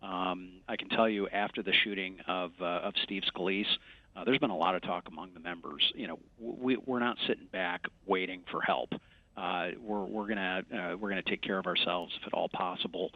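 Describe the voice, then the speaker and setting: Halting low-voiced man on a muffled line. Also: fairly even intonation, dry recording. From West Michigan. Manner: halting, many fillers and restarts. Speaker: congressman. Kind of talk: remote news interview.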